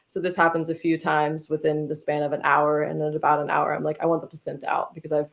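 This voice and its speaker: A woman's voice: low voice, flat delivery, fast talker, vocal fry. An American woman telling a vivid, emotional personal story as a podcast guest, with many "like"s. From United States.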